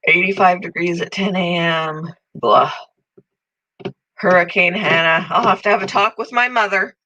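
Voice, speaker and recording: Congested chatty woman with a bright voice. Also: lowish voice, moderate pace, dull audio. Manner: chatty, talks to viewers by name, coos softly over pets. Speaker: channel host. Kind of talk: casual live-stream chat.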